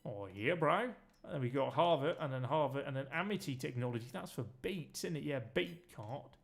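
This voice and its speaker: A man's voice: mid-range voice, brisk, vocal fry. A man giving rambling, jokey let's-play commentary while streaming a farming game, swearing freely.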